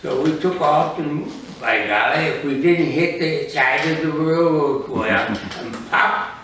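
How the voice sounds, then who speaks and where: A man in his nineties telling old war stories in an interview, halting and often searching for words. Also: a little high, a bit bright, a little hiss or hum. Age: 90s. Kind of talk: storytelling in an interview. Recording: roomy sound from a distant mic.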